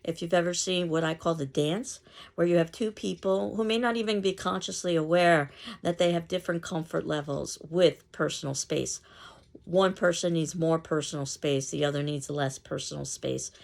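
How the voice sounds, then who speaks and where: A woman from New York City with a New York accent, giving a recorded lecture on public speaking in a clear, steady, explanatory way. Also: low-pitched, normal speed. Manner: clear, steady explanatory delivery with occasional fillers.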